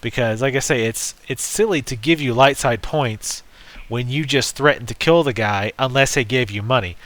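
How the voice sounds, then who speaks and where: A man's voice: mid-range voice, normal speed, fairly bright tone, no room sound. A man giving casual, joking and rambling commentary while playing a video game. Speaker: let's play host.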